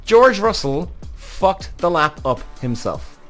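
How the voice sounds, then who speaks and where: A man's voice: high-pitched, wildly swooping pitch, takes it slowly, soft background music. A man hosting a podcast, ranting heatedly with lots of swearing in casual commentary. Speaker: podcast host.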